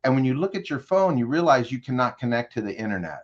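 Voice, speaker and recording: On a muffled recording, a guest consultant guides the interviewer through a hypothetical scenario, steering with pointed questions. He speaks fast at a medium pitch, with big swings in intonation.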